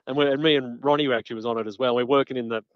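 A man's voice: mid-range voice, fairly even intonation, very fast, clear, resonant tone, no echo, muffled recording. A man, a podcast guest telling laid-back stories and swearing freely. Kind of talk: casual anecdote telling.

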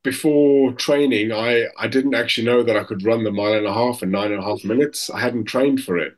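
A man's voice: medium pitch, brisk. South African man telling his story. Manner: tells anecdotes with acted quotes, frequent restarts. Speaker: guest. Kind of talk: casual interview storytelling.

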